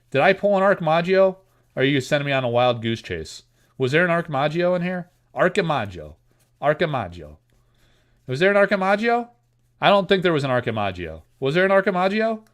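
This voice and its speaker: Excitable young guy running a card-opening livestream, kinda high voice, pitch all over the place, ribs himself a lot. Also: normal speed. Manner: excitable, self-mocking, talks straight to chat. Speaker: host of a live card-opening stream. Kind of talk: casual live-stream chat.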